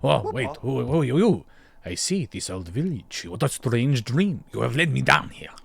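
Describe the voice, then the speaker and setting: A man's voice: mid-range voice, big pitch swings, normal speed, vocal fry, a crowd in the background. Jokey male game streamer. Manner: jokey, self-mocking. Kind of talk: casual gameplay commentary.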